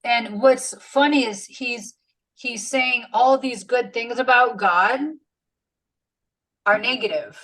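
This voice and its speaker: A woman's voice: on the high side, slow pace, a bit bright, poor audio. A woman leading a casual Bible study, chatty and slangy, with frequent fillers as she explains.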